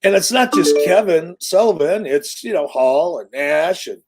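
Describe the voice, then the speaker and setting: A man's voice: a little high, normal speed, over loud music. A man in his sixties, an interview guest telling stories in a casual, punchy, profane way. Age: 60s. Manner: animated, profane, punchy storyteller. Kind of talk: casual storytelling.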